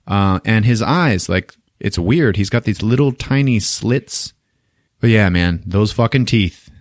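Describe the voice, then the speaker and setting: Animated, profane man retelling a movie. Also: lowish voice, a little slow, no echo, clean studio sound. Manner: animated, profane, acts out scenes with funny voices. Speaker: podcast host. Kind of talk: casual movie recap. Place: podcast studio.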